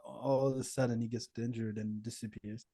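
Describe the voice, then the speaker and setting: A man's voice: medium pitch, flat delivery, normal speed, warm tone, no echo. A man in a casual football chat, talking hesitantly. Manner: hesitant, questioning.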